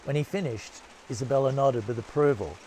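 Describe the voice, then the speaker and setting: A man narrating a novel as an audiobook in a steady, measured storytelling manner. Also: medium pitch, a little hiss or hum.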